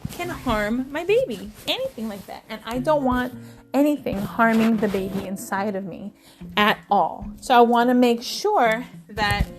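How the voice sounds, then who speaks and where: A mother of four telling her birth story in a chatty, animated vlog, repeating words for emphasis. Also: fairly high pitch, unhurried. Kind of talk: casual storytelling to camera. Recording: voice over clear background music. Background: background music.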